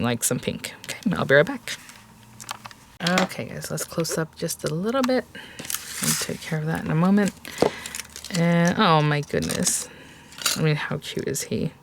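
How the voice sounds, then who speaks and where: In a crafting tutorial, a woman with a deep voice talks chattily to her viewers while working, repeatedly gushing over how cute things are. Slight background noise can be heard.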